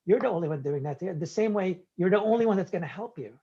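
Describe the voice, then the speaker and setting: A man with a husky, mellow voice tells his stories with energy and acts out each exchange. The recording sounds dull and lo-fi. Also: high voice, fast. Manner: animated, acts out quoted dialogue. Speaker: guest entrepreneur. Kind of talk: interview storytelling.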